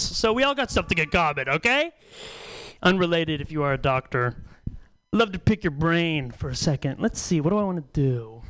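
A man's voice: high voice, a bit bright, smooth, low-quality recording. A man doing a stand-up comedy set on stage, self-deprecating and profane, rambling and chuckling between jokes. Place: comedy stage before a small audience.

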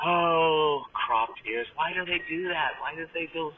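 A man's voice: fairly high pitch, unhurried, natural voice. A man voicing a confused, easily distracted male dog riding in a car, muttering to himself over a tinny, noisy line. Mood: bewildered.

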